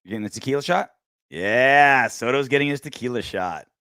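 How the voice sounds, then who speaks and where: A man's voice: medium pitch, fairly quick, pushed and bright, no room sound, clean studio sound. A man co-hosting a post-game football podcast, bantering crudely and joking. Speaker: podcast co-host.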